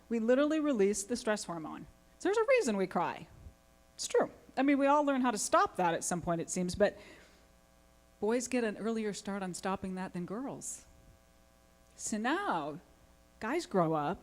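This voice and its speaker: Woman giving a conference talk, bouncy voice, keeps asking the crowd stuff. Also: mid-range voice. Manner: animated, asks the audience many questions. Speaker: conference speaker, family therapist. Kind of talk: lively conference talk to an audience. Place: conference hall.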